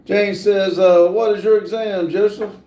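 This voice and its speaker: A man hosting a casual live stream, slowly reading viewer comments aloud with lots of fillers. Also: sits high, steady tone, warm tone, reverberant. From United States. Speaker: livestream host reading chat.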